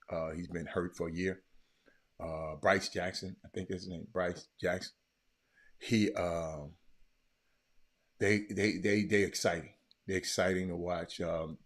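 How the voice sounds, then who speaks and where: Man, very low voice, casual live-stream chat, rambling, repetitive. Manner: rambling, repeats himself, reads chat aloud.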